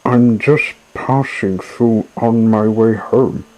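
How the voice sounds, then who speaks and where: A man's voice: fairly low pitch, fairly even intonation, slow pace, darkish tone, low-quality recording. A man voicing a small frightened furry creature in a storybook reading, timid and tearful. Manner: sobbing, timid.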